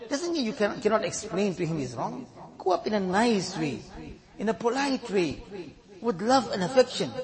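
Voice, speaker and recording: High-voiced man preaching over a crowd. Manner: emphatic, repeats phrases for weight. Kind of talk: sermon with storytelling. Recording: crowd audible behind.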